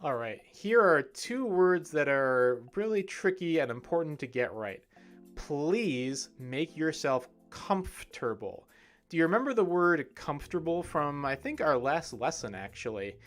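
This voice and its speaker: A man teaching English pronunciation in a livestream lesson, modelling words slowly and clearly and checking in with "right?". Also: a little high, very animated, soft background music.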